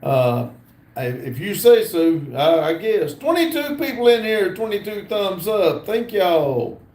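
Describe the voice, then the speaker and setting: Slow, high-voiced Southern man reading chat. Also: big pitch swings, a little mellow, reverberant. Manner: slow and easygoing, reads names and comments with many "uh" fillers. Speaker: livestream host. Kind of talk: casual live stream, reading chat aloud. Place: outdoors. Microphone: phone.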